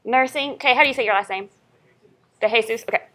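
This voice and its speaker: Southern woman professor, young, chatty and upbeat, bright higher voice, keeps asking "okay?". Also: quick pace, slight background noise. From North Carolina. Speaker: college professor. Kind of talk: first-day class introduction and roll call. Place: classroom.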